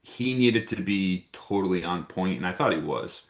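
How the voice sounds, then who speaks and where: A man with a low voice talks about a film with a lot of swing in his pitch. He jokes around as he goes and speaks as a podcast co-host in casual chat. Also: moderate pace. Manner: animated, jokey, breaks into silly voices.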